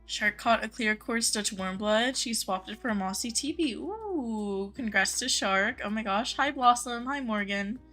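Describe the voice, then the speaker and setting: A woman's voice: fairly high pitch, animated, unhurried, hardly any pauses, bright, forceful tone, soft background music. A young woman live-streaming a game, chatting casually with viewers, greeting them by name and gushing over cute things.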